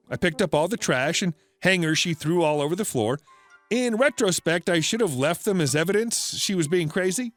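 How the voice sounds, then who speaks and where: A man narrating an internet story in a plain, even storytelling delivery. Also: high-pitched, brisk, faint music behind.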